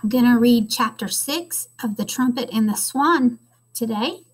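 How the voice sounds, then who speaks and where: An elementary school teacher, a woman, reading a children's chapter book aloud with expressive storytelling. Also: a little high, moderate pace, breathy edge.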